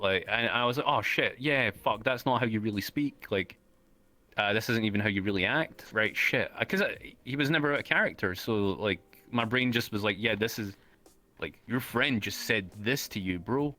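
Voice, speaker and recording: An easygoing male host chatting casually in a slangy, relaxed way. His voice sits on the low side but sounds bright and forceful in tone. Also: normal speed. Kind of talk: casual interview chat.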